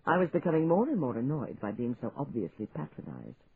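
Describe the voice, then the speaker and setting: A man reading an audiobook aloud in a lively, expressive narrating style. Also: medium pitch, fairly quick, creaky. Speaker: audiobook reader. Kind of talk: scripted narration. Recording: tinny phone-like sound, faint hiss.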